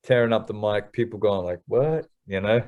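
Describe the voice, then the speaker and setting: A man in his thirties with an Australian accent, a hip-hop artist telling stories in a casual interview, candid and quick to swear. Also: fairly low pitch, fairly even intonation, phone-quality sound. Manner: candid, swears freely, fast slangy storytelling.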